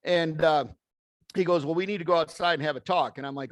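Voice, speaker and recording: A middle-aged man speaks to an audience in a plainspoken, folksy way, acting out each bit of dialogue as he tells it. His voice sits a little high for a man. The sound is close and dry, with almost no room around it. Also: a little fast, no echo. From American Midwest. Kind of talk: motivational talk to an audience.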